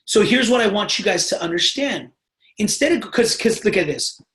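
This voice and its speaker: A sales trainer coaching a team over a live video call, pressing each point hard and checking in again and again. The voice sits in a middle pitch. The audio rings with room echo. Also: lively intonation, moderate pace, a bit bright. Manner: emphatic, repeatedly checks in with the audience.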